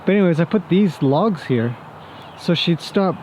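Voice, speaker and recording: A man's voice: a little high, animated, normal speed, darkish tone, a little hiss or hum. A man working as a horse trainer, chatting casually and joking as he talks to his horses outdoors. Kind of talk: casual vlog talk to camera and horses.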